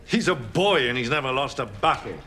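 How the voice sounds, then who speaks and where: An actor playing an older lord and commander who speaks coldly and with authority. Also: male voice, medium pitch, very animated, fairly quick, pushed and bright, a little hiss or hum. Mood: stern. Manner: cold, authoritative.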